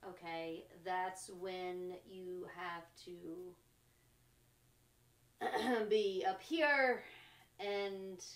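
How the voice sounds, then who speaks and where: A woman talks in a very slow, drawn-out way, musing in short fragments and laughing softly between her thoughts. Her voice sits at an ordinary pitch and carries the echo of a bare room. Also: fairly even intonation. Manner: slow, musing, trailing phrases with frequent laughs. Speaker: podcast host. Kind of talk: reflective spiritual monologue.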